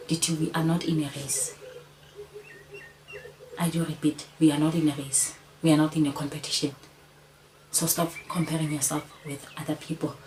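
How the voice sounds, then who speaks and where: A woman's voice: deep voice, steady tone, normal speed, a little mellow, a little hiss or hum, poor audio. A woman giving an earnest, repetitive motivational talk to camera, coaxing the listener again and again. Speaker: channel host.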